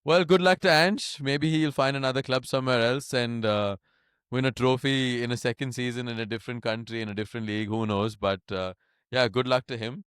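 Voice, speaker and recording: A man co-hosting a relaxed football podcast, with a smooth, resonant voice recorded close and dry. He talks in a measured, analytical way and laughs easily. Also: medium pitch, dry recording. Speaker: podcast co-host. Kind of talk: casual football chat.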